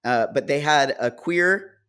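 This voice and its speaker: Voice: mid-range voice, measured pace, fairly bright tone, clear, resonant tone. An American podcast co-host and musician telling rambling, wry stories in casual chat.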